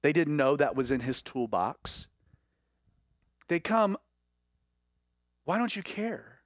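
A man preaching a sermon in an animated way, acting out the voices he quotes. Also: fairly high pitch, slow, dry recording, clean studio sound.

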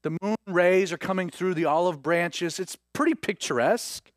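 A man's voice: sits high, normal speed, no room sound. A man preaches a sermon. He retells scripture as a story, acting out the quoted speech and restarting his phrases. His voice sounds close and dry. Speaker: pastor.

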